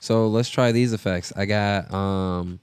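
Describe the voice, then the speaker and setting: A man's voice: fairly low pitch, steady tone, unhurried, a little mellow, clear, resonant tone, no room sound. A man hosting a casual live stream, rambling with many filler words as he talks into a podcast mixer setup. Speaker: host.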